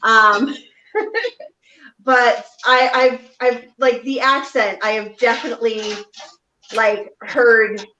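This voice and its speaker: Slow-talking high woman on echoey call. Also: animated, bright, forceful tone, highs cut off, slight background noise. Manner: slow, laughing, chiming in. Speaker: panel guest. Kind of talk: casual livestream chat. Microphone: video call.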